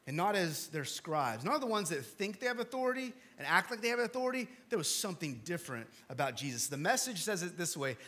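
Male pastor, high and bright tone, sermon delivery that swings between emphatic and hushed, conversational asides. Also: slight background noise. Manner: conversational, with asides and small jokes. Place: church hall with congregation.

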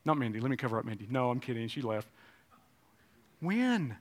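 A pastor preaching a sermon, swinging between loud exclamations and hushed, tender passages. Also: male voice, medium pitch, steady tone, rapid-fire. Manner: swings from shouting to hushed tones.

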